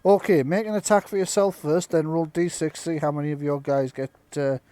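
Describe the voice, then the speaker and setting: A man narrating as game master of a live-streamed tabletop game, halting with ums while he tallies dice and describes the fight. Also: fairly high pitch, steady tone, dark tone, dry recording. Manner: halting, full of ums and restarts while tallying rolls.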